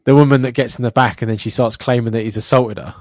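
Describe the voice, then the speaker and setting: Man, young adult, podcast co-host, sweary, animated, dry close sound. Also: medium pitch, quick pace, no echo. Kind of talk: casual podcast chat.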